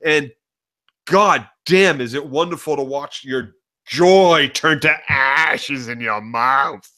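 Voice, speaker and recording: A man voicing a sharp-tongued old noblewoman with profane, cutting taunts while retelling a scene. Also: medium pitch, takes it slowly. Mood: scornful. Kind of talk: retelling a scene in a podcast chat.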